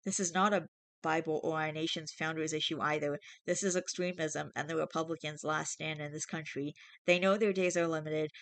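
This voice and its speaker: A host reads online confessions aloud and drops in irreverent, freely sworn asides. The voice sits at a middle pitch. The sound is dry and close, with no room around it. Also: fairly bright tone, no echo. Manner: chatty and irreverent, swears freely, laughs often. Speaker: channel host reading posts aloud. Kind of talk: casual reading of online confessions with commentary.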